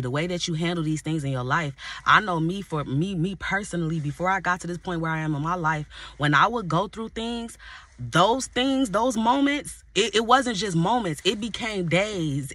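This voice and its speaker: A woman preaching encouragement in a sharp, forceful voice, hammering each point through repetition. She talks to viewers in plain, casual speech and turns to pray aloud mid-thought. The sound is close and dry. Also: medium pitch, dry recording. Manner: casual colloquial address to viewers. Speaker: inner healing and purpose coach. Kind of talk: motivational preaching to camera.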